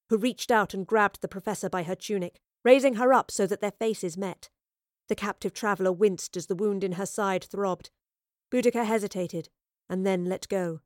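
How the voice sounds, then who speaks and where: A woman's voice: mid-range voice, moderate pace, no echo. Woman reading a story, dry sound. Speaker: narrator.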